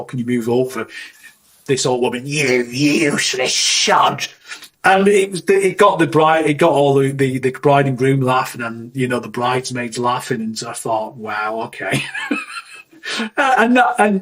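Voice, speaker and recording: Husky man rambling anecdotes. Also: mid-range voice. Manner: rambling anecdotes with many restarts and mimicked voices. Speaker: wedding videographer. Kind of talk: casual talk to camera.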